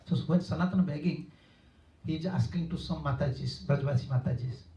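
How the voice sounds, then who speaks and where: A man's voice: on the high side, fairly quick. Older man preaching in a distant, echoey hall. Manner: simple non-native English, repetitive, animated when quoting characters. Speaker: spiritual teacher giving a lecture. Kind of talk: storytelling sermon. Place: temple hall.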